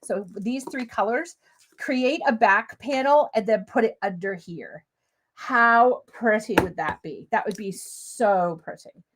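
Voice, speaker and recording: A woman's voice: on the high side, measured pace, noisy background. A woman hosting a live crafting demo, chatty and gushing, talking straight to her viewers as she works. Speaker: crafting livestream host.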